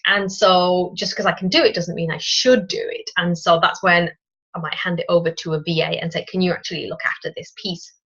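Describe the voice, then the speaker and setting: A woman in her thirties hosting a solo business podcast, talking straight to the listener in a chatty, lively way. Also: on the low side, a little fast, husky. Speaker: podcast host. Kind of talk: casual solo business talk. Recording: dull lo-fi recording.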